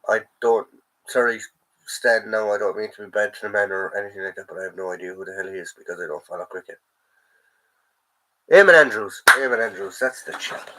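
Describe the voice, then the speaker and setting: A man's voice: low voice, little pitch movement, fast, bright, forceful tone, rough recording. An Irish man with a sore throat hosting a casual live stream, rambling and answering chat comments as he goes.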